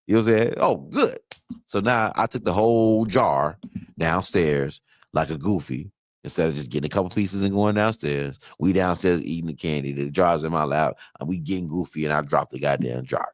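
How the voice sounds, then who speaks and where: A man with a very deep voice tells a rambling, profane story and laughs often. His pitch swings a lot as he talks, and the sound is dry and close. It is casual chat from a podcast host. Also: expressive, moderate pace, no echo.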